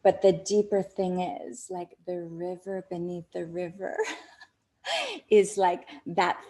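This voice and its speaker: Woman host, intimate confessional read: slow, breathy, near-whispered, chatty with a laugh in it. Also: fairly low pitch, sing-song, dark tone, slight background noise. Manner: chatty, with many "like" fillers and frequent laughs. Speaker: podcast host. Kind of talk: intimate personal storytelling.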